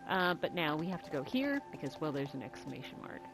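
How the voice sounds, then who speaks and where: A woman's voice: sits low, sing-song, fast, low-quality recording. A woman hosting a game walkthrough in casual, chatty commentary over game music. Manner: chatty, rambling. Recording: game music playing behind.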